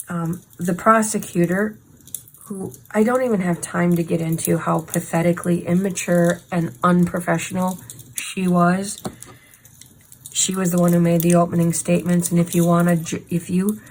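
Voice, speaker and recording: A woman's voice: on the low side, slight background noise, poor audio. A woman hosting a casual true crime chat while crafting, talking in an indignant, sarcastic, emphatic way. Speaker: host.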